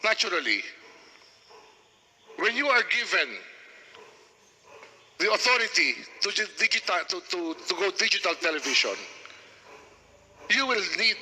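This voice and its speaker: High, sharp Filipino-accented committee chair. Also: male voice, big pitch swings, normal speed, long pauses, slight background noise. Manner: pressing, sharp questioning, mixing Tagalog and English. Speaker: committee chair at a legislative hearing. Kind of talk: formal hearing interrogation. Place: legislative hearing room. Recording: echoey hearing hall.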